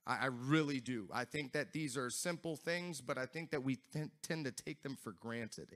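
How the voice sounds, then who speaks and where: A man preaching a sermon, moving from quiet reflection to excited, shouted praise, with frequent laughs and exclamations. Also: medium pitch, normal speed. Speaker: pastor.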